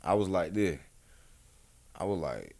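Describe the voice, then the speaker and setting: A man's voice: low voice, very animated, measured pace, creaky, darkish tone. A man, a rapper guest on a casual podcast interview, telling stories in a laid-back, slangy, rambling way. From Atlanta, USA.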